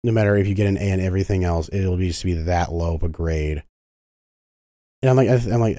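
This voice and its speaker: A man's voice: low-pitched, a little fast, no room sound, studio quality. Profane ranting young man. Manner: profane, animated, lots of fillers. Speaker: podcast host. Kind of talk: casual ranting monologue.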